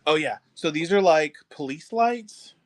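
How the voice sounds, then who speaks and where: A man hosting a casual live stream from a car shop garage, selling model kits and chatting with viewers, relaxed and chatty, swearing now and then. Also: fairly high pitch, measured pace. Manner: laid-back, chatty, swears casually, calls viewers dude and bro.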